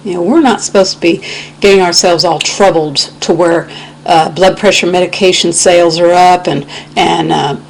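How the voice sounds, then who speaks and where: A woman's voice: lowish voice, steady tone, moderate pace, a little hiss or hum, low-quality recording. An American woman giving an impassioned, indignant webcam rant, quoting scripture as she talks. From United States. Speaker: video blogger. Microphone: webcam microphone.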